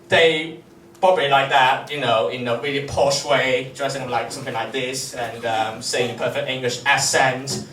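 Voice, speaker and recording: A man's voice: mid-range voice, fairly even intonation, normal speed, a bit bright. A young man telling crude comic stories and laughing at his own jokes, in a roomy, distant recording with faint noise. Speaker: comedy vlogger. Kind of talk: rambling comic monologue.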